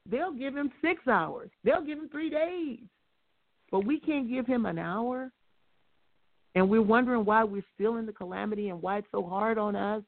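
A woman teaching on a religious talk show, emphatic and fond of rhetorical questions, with her stresses rising close to shouting. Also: on the high side. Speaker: guest speaker. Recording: tinny phone line.

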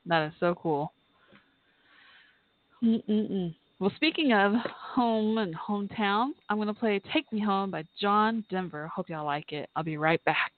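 A woman's voice: lowish voice, no room sound. A chatty woman hosts a casual live podcast, laughing often and talking back at a football game. Her voice comes through a tinny, phone-like line. The sound is dry and close. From Texas. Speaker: podcast host. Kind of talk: casual live-stream chat.

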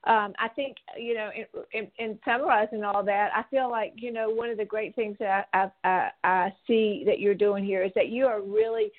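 A woman hosting a faith-based talk show, effusive and halting, often restarting her sentences. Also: mid-range voice, fairly even intonation. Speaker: radio show host. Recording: tinny phone line.

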